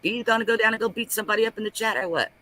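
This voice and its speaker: A man talking on a casual live stream, animated and ranting, repeating himself as he makes his point. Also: high-pitched, racing, rough recording.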